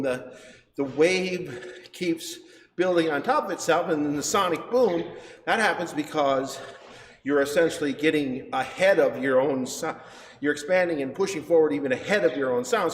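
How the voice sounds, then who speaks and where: Science center guy rambling thru a demo, bit high voice, big echoey hall. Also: normal speed. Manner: chatty and rambling, self-correcting, laughs often. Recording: echoey hall with faint noise.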